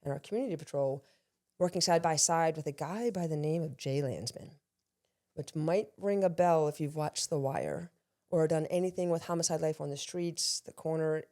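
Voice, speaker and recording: A woman from Maryland with a low, mellow voice tells stories as a guest in a casual interview. An actor and law enforcement veteran, she's a lively, self-deprecating storyteller who acts out the quotes.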